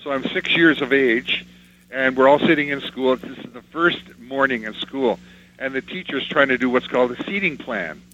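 A man's voice: mid-range voice, normal speed, sharp tone. An older man from Canada, a musician, telling stories from his life in an interview and acting out the people he quotes. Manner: anecdotal, reminiscing, acts out quoted voices. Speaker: musician guest. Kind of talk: interview storytelling. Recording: slightly dull with faint hum.

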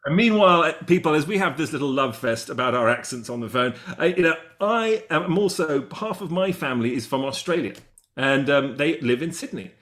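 A man's voice: fairly high pitch, animated, fairly quick, fairly bright tone. A middle-aged man with an English accent, hosting a playful, chatty interview over a video call. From England. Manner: chatty, playful, self-mocking. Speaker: interview host.

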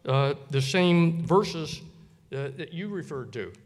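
A man giving a personal testimony in church, earnest and halting with many fillers. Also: fairly high pitch, lively intonation, big-room sound.

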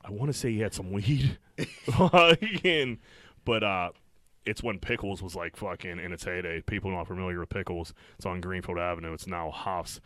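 A man's voice: low-pitched, moderate pace, a bit bright, no echo. A man, co-hosting a podcast and telling rambling, profane stories in casual chat. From Pittsburgh, USA. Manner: swears constantly, rambling storytelling with laughs. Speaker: podcast co-host.

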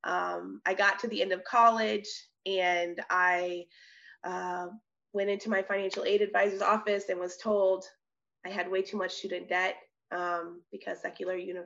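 A young woman, a missionary, telling her personal testimony in an interview, earnest and animated, often laughing and restarting her sentences. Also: medium pitch, moderate pace, gravelly. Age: young adult. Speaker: missionary guest. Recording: slightly dull audio.

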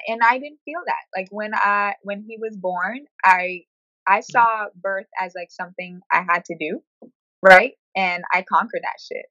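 A woman speaking frankly in a conversational interview, telling her story with animated quoted asides. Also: medium pitch, normal speed, dry recording, dull audio. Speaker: guest sharing her experience.

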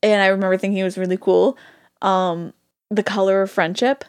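A woman's voice: mid-range voice, brisk. Chatty young woman podcast co-host. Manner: chatty and animated, tells stories eagerly. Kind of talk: casual chat.

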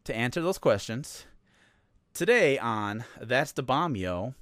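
A man's voice: mid-range voice, expressive, takes it slowly, fairly bright tone, no room sound, clean studio sound. An American man hosting a podcast, telling the story in a casual monologue full of sarcastic asides. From United States. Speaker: podcast host.

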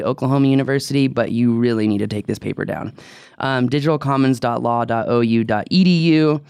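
A man's voice: mid-range voice, a little mellow, clean tone, no echo. A man hosting a drone talk show in casual chat, opinionated and joking. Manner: chatty, opinionated, joking asides. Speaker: podcast host.

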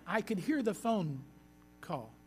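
A man as pastor, preaching a sermon with earnest storytelling that slows down for emphasis. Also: sits high, sing-song, faint music behind.

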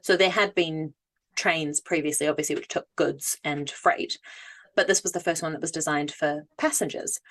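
Low-voiced woman sharing facts. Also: steady tone, normal speed, fairly bright tone. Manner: reads researched facts with hesitant fillers. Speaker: podcast co-host. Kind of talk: casual podcast chat.

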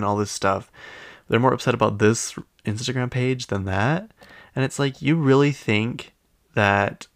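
A man's voice: on the low side, unhurried, a bit bright, no echo. A man hosting a pop culture recap, chatting casually in a gossipy, opinionated and rambling way. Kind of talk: casual chat.

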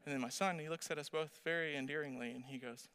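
A man in his thirties preaching a sermon, telling a family story with animated energy and asking the audience questions. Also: on the high side, fast, clean tone. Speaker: pastor.

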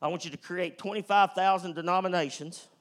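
A man preaching, putting on a sarcastic, loud, blustery voice of Jesus giving orders to his male disciples. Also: sits high, steady tone, fairly quick, lightly acted. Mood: mocking.

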